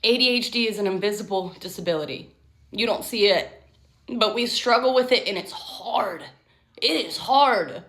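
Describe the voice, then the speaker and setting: A woman's voice: mid-range voice, normal speed, a bit bright. A woman in her thirties talking candidly and emotionally to camera in a personal vlog. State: tearful at times. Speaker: vlogger.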